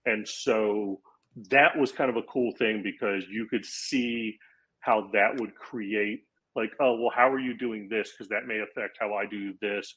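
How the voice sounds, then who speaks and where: A man's voice: on the low side, a little slow, husky, poor audio. A man in his forties from Florida, a comedian guest on a podcast, telling a long anecdote and acting out quotes in casual chat. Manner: animated anecdote-telling with acted-out quotes and laughs.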